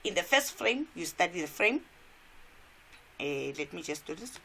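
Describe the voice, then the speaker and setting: A woman's voice: on the low side, sing-song, moderate pace, fairly bright tone, slight background noise. A woman from South Africa, an English teacher, walking students through a cartoon step by step in a revision lesson and asking them questions.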